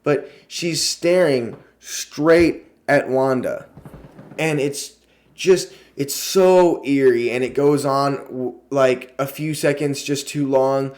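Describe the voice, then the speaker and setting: A young man in a casual review vlog, excitable and rambling, who swears freely and gushes in spurts. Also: medium pitch, slow. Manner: lots of fillers and restarts in a gushing delivery.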